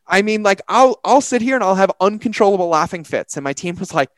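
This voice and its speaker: A man in recovery chatting on a podcast, telling personal stories with lively acted-out quotes. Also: high voice, quick pace, dry recording. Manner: animated storyteller, acts out quotes. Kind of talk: casual conversation.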